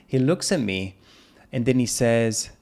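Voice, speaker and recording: A man's voice: medium pitch, unhurried. A man from Italy with an Italian accent, co-hosting a podcast in casual, rambling chat and telling stories with lots of restarts. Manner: rambling, animated storytelling with restarts. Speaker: podcast co-host.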